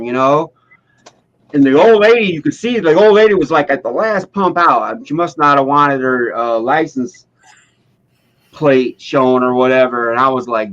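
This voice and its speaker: A man in his thirties casually telling a long, profane joke as if it were true, with a rambling, deadpan build-up. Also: mid-range voice, moderate pace. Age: 30s. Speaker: storyteller. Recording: dull lo-fi sound.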